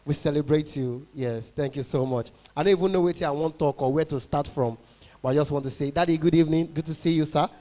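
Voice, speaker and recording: A man's voice: fairly high pitch, quick pace, dark tone. A Nigerian man performing stand-up comedy as an event MC, bantering with the crowd and mixing in pidgin. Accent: Nigerian English. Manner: banters with the audience, mixes in pidgin.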